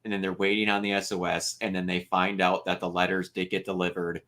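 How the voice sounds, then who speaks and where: Man, host of a review chat: excitable, swears, bright forceful voice. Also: deep voice, fast talker. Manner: excitable, emotional, swears freely. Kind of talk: casual film review chat.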